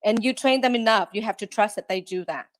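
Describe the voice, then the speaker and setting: A woman running a restaurant, a guest on a podcast interview, talking in an animated way and often acting out quick quotes. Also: medium pitch, dry recording. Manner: animated, quotes herself and staff in lively asides.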